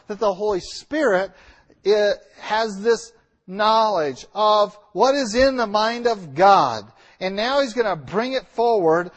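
A male preacher with a high voice delivers a sermon straight to the congregation. He talks directly and emphatically, slowing down and leaning hard on the words he wants to stick. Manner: emphatic, repeats key lines with slow stressed words. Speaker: pastor.

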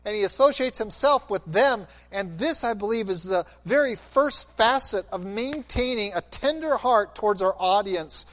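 A man preaching a sermon, expressive, moving between loud emphasis and quiet intensity. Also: high voice, normal speed, few pauses. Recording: long hall reverb.

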